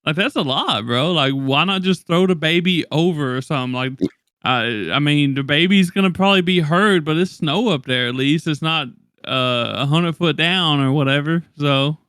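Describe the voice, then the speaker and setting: A man co-hosting a casual podcast chat, relaxed and chuckling, pausing often with "uh". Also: on the high side, smooth, dry recording, clean studio sound. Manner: relaxed, chuckling, many "uh" pauses. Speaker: podcast co-host.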